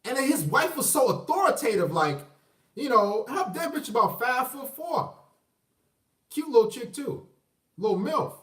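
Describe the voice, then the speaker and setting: A man's voice: extremely high pitch, very animated, moderate pace, a bit bright, recorded from a distance. A man giving a profane, rambling, casual rant to camera, often breaking into laughter. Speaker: vlogger. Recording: roomy, from the mic.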